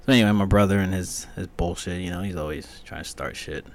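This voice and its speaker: A man with a fairly low voice hosts his own podcast, talking in a loose, rambling, profane style. He drifts between low mutters and sudden loud, high-pitched rants. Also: fast, few pauses. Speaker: podcast host. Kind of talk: solo podcast rant.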